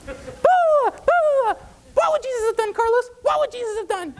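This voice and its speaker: A man voicing a panicked, scolding mother who shrieks and nags in a very high voice. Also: animated, quick pace, a little hiss or hum. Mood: frantic. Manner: shrieking, nagging, babbling. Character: shrill frantic scolding mother, middle-aged.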